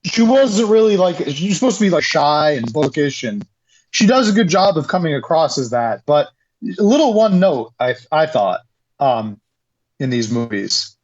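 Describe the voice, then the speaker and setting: A man co-hosting a casual movie podcast, talking in a rambling, halting way. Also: a little high, big pitch swings, darkish tone, highs cut off. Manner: rambling, halting, with restarts and laughs. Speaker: podcast co-host.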